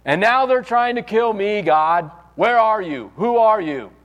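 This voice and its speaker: A man voicing a desperate, frantic prophet who cries out in high, strained pleas. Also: expressive, measured pace, a bit bright, highs cut off. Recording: long reverb of a hall.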